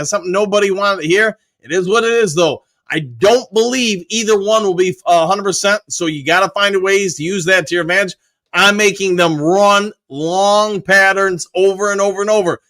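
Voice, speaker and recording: A man's voice: high-pitched, bright, forceful tone. A man hosting a casual live sports stream, reading viewer comments aloud and chatting back with lots of "uh"s. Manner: loose, with frequent "uh" and quick self-corrections. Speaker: livestream host.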